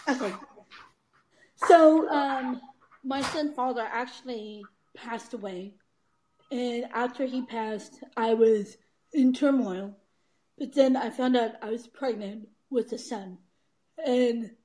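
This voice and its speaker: A woman's voice: on the high side, warm tone, low-quality recording. A woman guest telling a candid personal story in an interview, laughing often and acting out what others said. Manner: candid, laughs often, acts out quoted voices. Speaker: guest, author and speaker.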